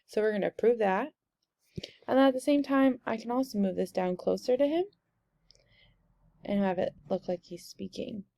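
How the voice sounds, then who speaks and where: A young woman walking through a software tutorial step by step in a casual, explaining way. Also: medium pitch, normal speed, vocal fry, long pauses, dry recording. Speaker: instructor.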